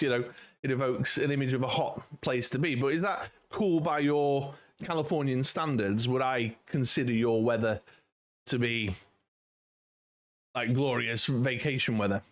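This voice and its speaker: A man's voice: mid-range voice, fairly bright tone. Guy in his 40s, friendly rambly stream host chatting with viewers from home. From United Kingdom. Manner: rambling and friendly, many "you know"s. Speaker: livestream host. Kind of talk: casual livestream chat with viewers.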